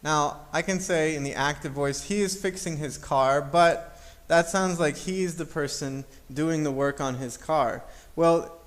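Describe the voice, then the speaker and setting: Male teacher, somewhat high voice, patient step-by-step grammar explainer. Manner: patient, repeats examples slowly, checks with "okay?". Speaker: English teacher.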